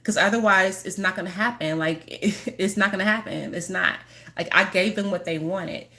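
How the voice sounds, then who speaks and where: This is a woman with a bright, ringing voice at an ordinary middle pitch. She talks loosely to her audience as a spiritual healer. She wanders off track, restarts her sentences often, and keeps breaking into giggles. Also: moderate pace. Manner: apologetic giggling asides. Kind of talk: casual chat to camera.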